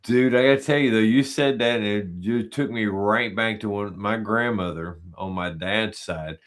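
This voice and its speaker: A man talking casually as a podcast guest, telling stories in a relaxed way and voicing the lines he quotes. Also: lowish voice, normal speed. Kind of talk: casual conversation.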